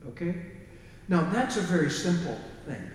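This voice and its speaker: A man's voice: sits high, very animated, moderate pace, a little hiss or hum. A man giving an informal music lecture, hesitating with fillers and singing short phrases to show the rhythms. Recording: echoey hall from far off.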